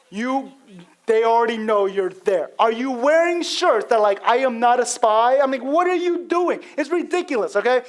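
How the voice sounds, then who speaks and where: A man preaching a sermon, telling the story in a casual, animated way with lots of fillers. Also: very high-pitched. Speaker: pastor.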